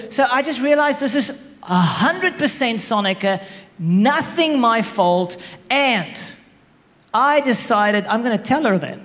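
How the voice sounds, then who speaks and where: A man's voice: very high-pitched, fairly bright tone. A man telling a humorous, self-mocking story about his marriage to an audience. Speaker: speaker sharing a marriage story. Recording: echoey hall.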